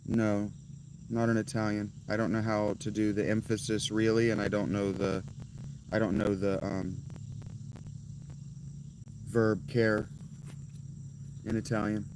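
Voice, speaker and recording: A man's voice: fairly low pitch, little pitch movement, measured pace, long pauses, noisy background. A man live streaming from outside his tent, chatting casually with viewers in a rambling way, often restarting and correcting himself. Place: outdoors at a tent.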